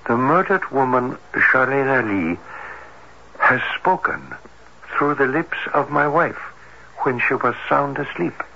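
Bright, mid-pitched male voice of a reserved, formal heart doctor in a vintage radio mystery. He speaks in careful, measured phrases and hesitates before he commits. The sound is dull and lo-fi with a faint hiss. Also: animated, creaky, exaggerated voice. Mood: hesitant. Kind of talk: old-time radio drama acting.

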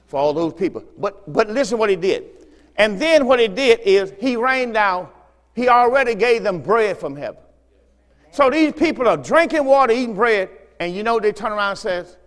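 A man's voice: high-pitched, lively intonation, moderate pace, fairly bright tone, big-room sound. A man preaching a fervent sermon as pastor, repeating phrases and urging his listeners on. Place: church sanctuary.

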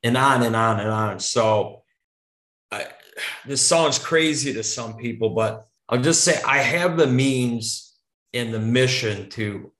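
Man guest, chatty storyteller, mid-pitched, loose and rambling, roomy echo. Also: takes it slowly, fairly bright tone. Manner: rambling, with frequent restarts and casual swearing. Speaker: podcast guest. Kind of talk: casual conversational storytelling. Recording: echoey room.

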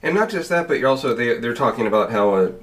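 A man's voice: mid-range voice, very animated, quick pace, fairly bright tone. A man co-hosting a podcast, chatting casually and hesitantly, often restarting his sentences. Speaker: podcast co-host. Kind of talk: casual review chat. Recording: voice a bit distant from the mic.

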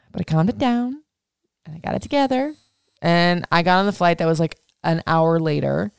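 Woman podcaster rambling and cussing her way thru a story, kinda low gravelly voice, dry close mic. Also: normal speed, no room sound. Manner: rambling, profane, heavy use of "like". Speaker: podcast host. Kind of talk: casual personal storytelling.

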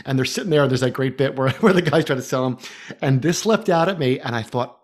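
A man's voice: medium pitch, fast. A man co-hosting a casual film-discussion podcast, talking enthusiastically and laughing often as he goes. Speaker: podcast co-host.

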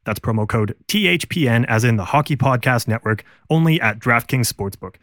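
A man's voice: mid-range voice, animated, normal speed, a bit bright, no room sound, clean studio sound. A man reading a sponsor advertisement in an upbeat, polished sales delivery. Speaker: ad reader.

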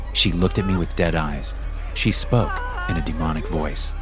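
A man's voice: very deep voice, moderate pace, over music. A man narrating a scripted horror story for a podcast, dramatic and acting out the lines. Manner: dramatic, acts out quoted lines.

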